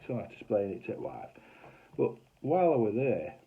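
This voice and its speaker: A man's voice: on the low side, brisk, gravelly, breathy edge. A middle-aged man with a broad Lancashire accent telling a casual work anecdote, swearing freely, on a tinny phone-quality recording. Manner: lively, swears freely, broad dialect grammar. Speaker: cable TV engineer.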